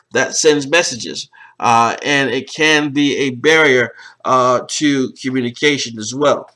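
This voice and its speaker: A male college lecturer explaining slides, pausing often on "uh" and restarting phrases. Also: medium pitch, sharp tone, low-quality recording. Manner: explanatory, with frequent "uh" fillers and restarts. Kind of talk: recorded lecture over slides.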